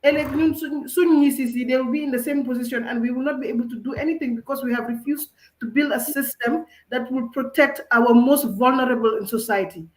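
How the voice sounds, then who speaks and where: A woman arguing passionately in a discussion, emphatic and forceful, slipping into Wolof phrases. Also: high voice, a little fast, few pauses, echoey room, low-quality recording. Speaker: discussion panelist.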